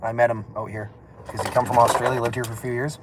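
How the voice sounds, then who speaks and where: A man's voice: mid-range voice, little pitch movement, fast talker, heavy background noise. A man chatting casually on a livestream, rambling, swearing and laughing often, talking into a phone. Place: outdoors on city streets.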